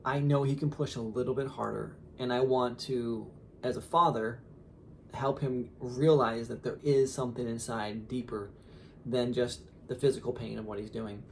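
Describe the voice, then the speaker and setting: A man in his thirties, a father, telling a story casually on a podcast in an animated way with lots of fillers. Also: medium pitch, normal speed, vocal fry, slight background noise. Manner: animated, laughing, lots of fillers and quoted asides.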